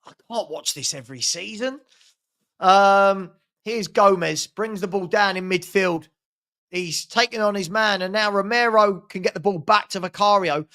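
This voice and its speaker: A man's voice: high voice, sharp tone. A man from hosting a live fan watchalong, calling a match with sarcastic exasperation and rueful laughter.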